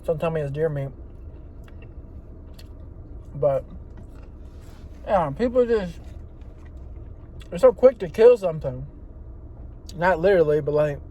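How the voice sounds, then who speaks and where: A man's voice: on the high side, expressive, slow, long pauses, dark tone. Rambling, profane man in a parked car. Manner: rambling, profane, talks while eating. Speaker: vlogger. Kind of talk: casual rambling monologue. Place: car parked in an empty parking lot.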